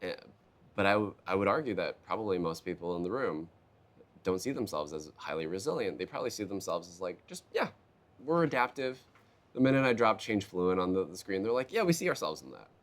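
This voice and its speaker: A man's voice: low voice, fast talker. A man, a keynote speaker, talking in a conversational interview, telling stories and acting out quotes in a raised voice. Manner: animated storyteller, acts out quotes in a raised voice. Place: live event booth.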